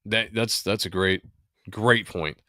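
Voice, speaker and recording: A man's voice: fairly low pitch, slow pace, bright, forceful tone, no room sound, studio quality. A man hosting a casual podcast, chatting about comics and reading viewer comments aloud, sometimes stumbling over the wording. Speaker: podcast host.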